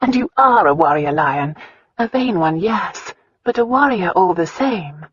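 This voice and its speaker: A woman's voice: lowish voice, expressive, measured pace, lo-fi sound, slight background noise, voice pushed up. A woman reading an audiobook, voicing an earnest, defiant young noblewoman who pleads and bristles by turns. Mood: indignant. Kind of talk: audiobook dialogue.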